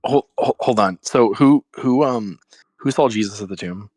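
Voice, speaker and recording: Combative low-voiced man. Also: moderate pace, darkish tone, no room sound. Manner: combative, interrupting, repeats words. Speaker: debater. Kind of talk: live online debate.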